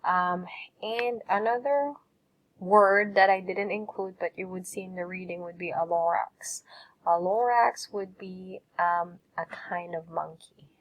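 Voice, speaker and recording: Woman teacher, lower-pitched, patient, drills vocabulary for class. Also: a little slow, low-quality recording. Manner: patient, repeats words for students. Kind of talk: recorded classroom lesson.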